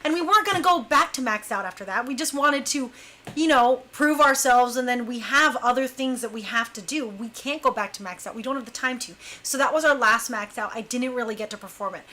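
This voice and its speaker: Talking fairly quickly in a slightly high voice, a young woman tells a casual, animated tale about her dance crew. She keeps laughing as she performs the other members' lines.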